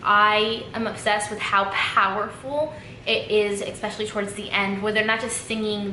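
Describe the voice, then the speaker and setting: Young woman vlogger, heartfelt and rambling, crisp bright voice, roomy echo. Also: mid-range voice, steady tone, unhurried. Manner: earnest, emotional, many fillers like "like" and "just". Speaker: YouTube vlogger. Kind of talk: casual talk to camera. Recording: echoey room, faint background noise.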